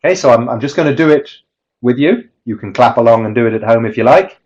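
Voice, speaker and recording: A man's voice: medium pitch, quick pace, a little mellow, dull audio. A man giving an online webinar presentation on teaching pronunciation, explaining step by step and chanting rhythm drills.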